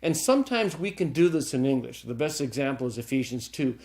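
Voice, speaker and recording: A man's voice: medium pitch, expressive, a little fast, creaky, a little mellow. Chatty male Greek grammar teacher. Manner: patient, chatty, often checks in with "okay?"; chuckles lightly while explaining. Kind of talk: recorded classroom lecture.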